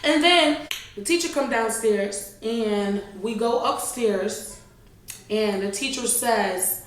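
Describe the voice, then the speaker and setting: A young woman, telling an animated, slangy storytime vlog straight to her viewers. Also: mid-range voice, slow. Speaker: vlogger. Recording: very echoey room.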